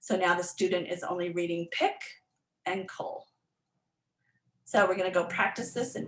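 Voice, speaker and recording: A woman's voice: lowish voice, fairly even intonation, moderate pace, pauses often, fairly bright tone. A woman literacy tutor giving an online workshop presentation, explaining step by step with frequent ums and restarts. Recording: echoey room.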